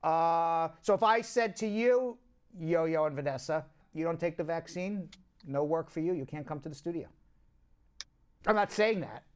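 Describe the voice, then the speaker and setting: A man's voice: a little high, moderate pace, clean tone. A man with a Long Island accent hosting a casual news rundown, chatty and prone to asides to his co-hosts. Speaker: host, immigration news show.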